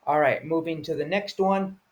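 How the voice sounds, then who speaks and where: A man's voice: on the high side, normal speed. A man teaching English vocabulary, explaining each word patiently and acting out short example feelings.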